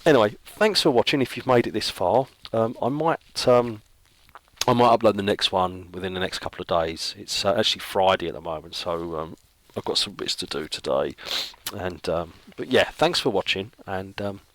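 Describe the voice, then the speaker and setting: Deep-voiced man, rambling vlog chat. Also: moderate pace, a bit bright. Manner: rambling, thinking aloud with many fillers. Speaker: illustrator. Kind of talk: casual narration while drawing.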